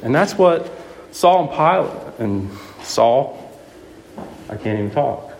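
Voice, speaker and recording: In an echoey room with faint ambience and slight background noise, a man preaches with a somewhat high, gravelly voice, speaking a bit slowly. He's lively and emphatic, constantly putting questions to the congregation and hammering each point.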